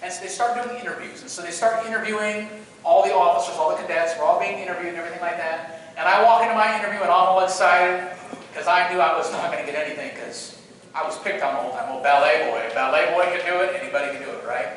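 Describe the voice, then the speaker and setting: A man with a high, bright voice tells a keynote story in an animated, self-mocking way. He is recorded from far off in a large hall with a long, echoey reverb. A faint noise sits behind him. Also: fast talker. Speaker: conference speaker.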